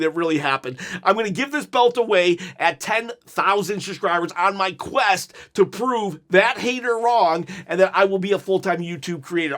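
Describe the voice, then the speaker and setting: A man reacting to wrestling clips in a casual, animated way, laughing through his words. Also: sits high.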